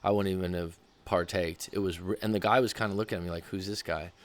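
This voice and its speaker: A man's voice: sits low, steady tone, fast talker. A man, a dating coach, telling a personal story in a candid, rambling way that often corrects itself.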